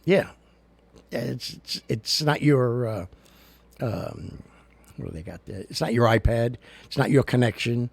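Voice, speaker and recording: A man's voice: mid-range voice, measured pace, vocal fry, pauses often, slightly rough, dry recording. A man hosting a casual livestream, talking to his viewers in a rambling, chatty way and ranting at times. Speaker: host. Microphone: studio recorder mic.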